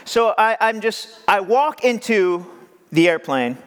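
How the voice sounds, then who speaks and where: A male pastor with a high, expressive voice speaks slowly and cleanly, telling humorous sermon stories in a joking, conversational manner. He sprinkles in self-deprecating asides, and the recording carries a long hall reverb.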